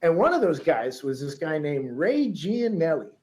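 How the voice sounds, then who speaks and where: A man's voice: on the high side, very animated, moderate pace, darkish tone, rough recording. A man co-hosting a podcast, telling a story in a chatty way, laughing often and reading quotes aloud.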